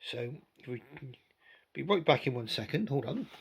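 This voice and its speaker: Gravelly older guy in his 60s, rambly chat about his model trains, filmed on a phone. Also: mid-range voice, expressive, moderate pace, slight background noise. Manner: chatty and rambling, with gentle asides. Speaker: model railway vlogger. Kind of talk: casual hobby commentary.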